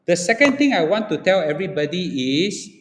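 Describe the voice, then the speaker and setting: A man's voice: sits high, big pitch swings, a little fast. A man with a Singaporean accent giving an opinionated livestream talk, blunt and lecturing, often checking in with "okay?" and "ah". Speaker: livestream host. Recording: echoey room with long reverb.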